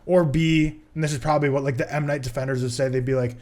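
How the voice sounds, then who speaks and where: A man's voice: mid-range voice, steady tone, fast talker, a little mellow. Rambling man reviewing a film. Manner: rambling, many filler words. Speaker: podcast co-host. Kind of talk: casual film review chat.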